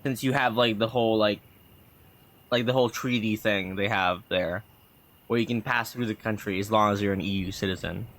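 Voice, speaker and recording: A man's voice: fairly low pitch, fairly even intonation, normal speed, a bit bright. A man streaming a game, chatting casually and rambling with lots of fillers. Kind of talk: casual gameplay commentary.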